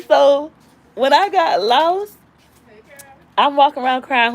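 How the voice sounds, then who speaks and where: Animated woman telling stories. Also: slow pace, slight background noise. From Tampa, Florida. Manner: animated storyteller, squeals high when quoting. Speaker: live-stream host. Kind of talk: casual storytelling chat.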